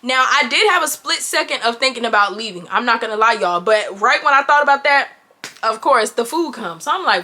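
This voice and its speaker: A woman in her twenties telling a storytime vlog to her viewers in an animated, exclamatory, slangy way. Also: fairly high pitch, brisk. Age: 20s. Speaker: vlogger.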